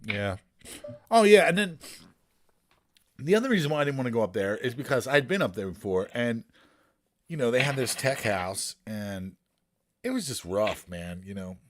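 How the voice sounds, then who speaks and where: A man's voice: fairly low pitch, slight background noise. A man, a poker streamer telling long rambling stories in casual, profane chat.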